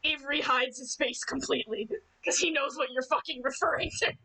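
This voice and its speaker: A woman's voice: sits high, steady tone, fairly quick, sharp tone, low-quality recording. A woman running a tabletop role-playing game as game master, narrating with amusement and the odd swear word.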